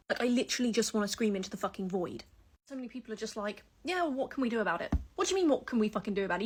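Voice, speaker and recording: A woman's voice: on the high side, husky. A woman ranting angrily into her phone, bitter and swearing constantly. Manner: angry, bitter, heavy swearing. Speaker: social media ranter. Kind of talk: casual rant to camera.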